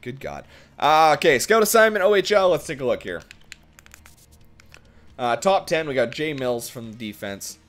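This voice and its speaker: A man hosting a video game let's-play, doing excitable mock play-by-play and shouting at big moments. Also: fairly high pitch, normal speed, pauses often. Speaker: gaming channel host.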